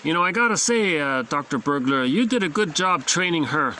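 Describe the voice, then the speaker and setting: A man's voice: on the high side, expressive, fairly quick, background noise, lightly acted. A man reading the complaints of a jealous, exasperated husband in therapy, in an emphatic voice.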